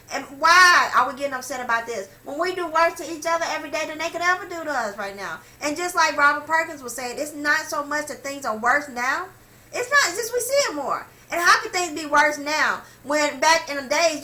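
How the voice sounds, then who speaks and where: Fired-up high-voiced woman ranting. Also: sharp tone, low-quality recording. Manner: blunt, heavily profane, repeats herself for emphasis; talks straight to viewers, calls them y'all. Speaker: vlogger. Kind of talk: impassioned opinion rant to camera.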